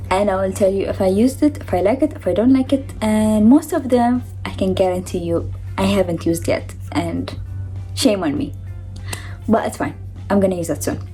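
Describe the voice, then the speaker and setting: A young woman in her twenties chats through a makeup haul at home, laughing at herself and slightly out of breath. Her voice is mellow and soft-edged, with faint music and household noise behind her. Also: medium pitch. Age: 20s. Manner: chatty, giggly, self-mocking. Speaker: beauty vlogger. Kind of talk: casual makeup haul chat. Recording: home vlog with background noise.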